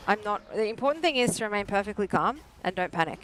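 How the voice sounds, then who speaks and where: Frantic, yelping game streamer with lively pitch. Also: fairly quick, slight background noise. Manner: frantic self-talk with sudden yelps; self-mocking, joking calm under pressure. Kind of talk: live gameplay commentary with chat.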